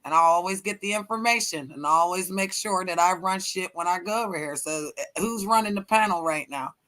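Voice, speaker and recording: A woman's voice: on the low side, a little fast, a bit bright. A woman from the United States hosting a livestream, ranting in a brash, profane, combative way. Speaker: livestream host. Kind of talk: heated livestream chat.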